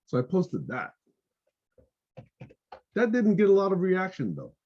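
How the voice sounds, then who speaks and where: A man's voice: sits high, huge pitch swings, a little slow, muffled recording. A man speaking earnestly in a casual group video call, sharing his opinions and telling a fable. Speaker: discussion group member.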